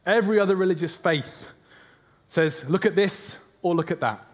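Preaching at a normal speed in a high voice, a man delivers an earnest sermon. He keeps asking his congregation rhetorical questions.

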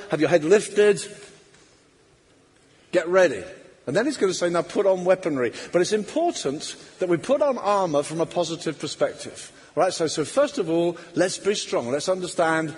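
A man's voice: fairly high pitch, breathy edge. A man preaching a sermon emphatically, acting out quoted voices. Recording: long hall reverb.

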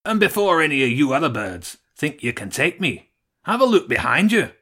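A man's voice: fairly high pitch, sing-song, moderate pace, bright, forceful tone, exaggerated voice. A man voicing a tough male rat leader who barks orders at the girls in a storybook reading. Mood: commanding. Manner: barking orders, calls girls "lassie".

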